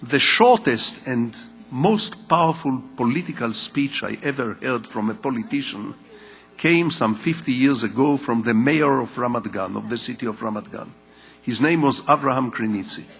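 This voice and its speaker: An older Israeli man with a Hebrew mother tongue, giving a public lecture in measured storytelling with rhetorical repetition. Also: medium pitch, animated, a bit bright, in a large hall. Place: large lecture hall.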